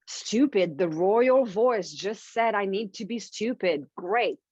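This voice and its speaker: A woman's voice: mid-range voice, animated, slow pace, a little mellow, breathy edge, no echo, muffled recording. A woman putting on a child's eager, literal inner voice that repeats every order it hears. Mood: mock-obedient.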